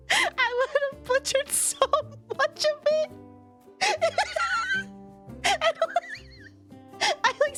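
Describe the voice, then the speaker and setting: A woman's voice: extremely high pitch, a bit bright. A woman streamer chatting casually with her viewers, giggling often and swearing freely. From United States. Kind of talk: casual live-stream chat.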